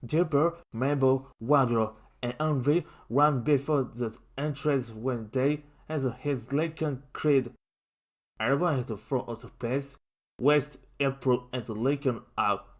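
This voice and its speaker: A narrator reading a homemade fan story aloud in a halting, stumbling way. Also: medium pitch.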